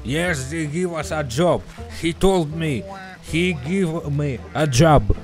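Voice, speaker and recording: A man's voice: a little high, slow pace, faint music behind. A man with a Russian accent, a native Russian speaker, playing a migrant in a game roleplay who pleads in broken English and talks aside to viewers.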